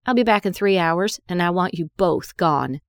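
A woman's voice: fairly low pitch, lively intonation, normal speed, clear, resonant tone, no echo, clean studio sound. A woman voicing a betrayed woman who speaks in clipped, bitter lines while furious and wounded. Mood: angry.

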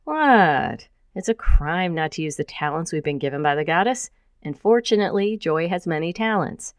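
A woman's voice: on the low side, expressive, moderate pace, clean tone, no room sound, clean studio sound, close to an everyday voice. A woman voicing an affectionate, joking middle-aged mother who is a hacker. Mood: teasing.

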